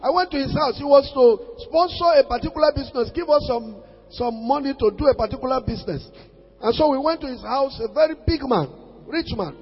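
A man preaching a sermon, switching between low asides and shouted exhortation. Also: lively intonation, brisk. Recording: reverberant hall, dull lo-fi sound.

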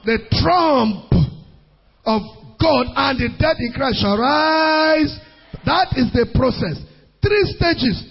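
A man preaching a sermon, calling out to his congregation, rising into sing-song shouts. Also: very high voice, animated, slow pace, vocal fry, soft background music. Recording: muffled hall recording with long reverb.

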